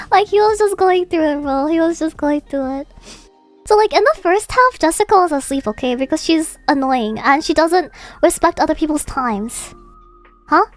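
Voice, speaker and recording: High-voiced giggly woman streamer. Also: expressive, moderate pace, soft background music. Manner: rambling, filler-heavy storytelling with frequent giggles. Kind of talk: casual chat.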